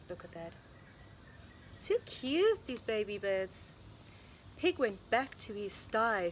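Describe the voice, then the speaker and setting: A preschool teacher, a woman, reading a picture book aloud to young children in a sing-song storybook voice with hushed asides. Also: a little high, a little hiss or hum. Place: home or classroom, recording online lesson.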